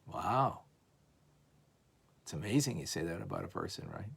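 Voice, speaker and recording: A man teaching a lively class on a religious text, asking "right?" often and acting out examples. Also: deep voice, moderate pace, gravelly, long pauses, husky. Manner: animated, playful, acts out examples, frequent "right?". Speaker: Torah teacher.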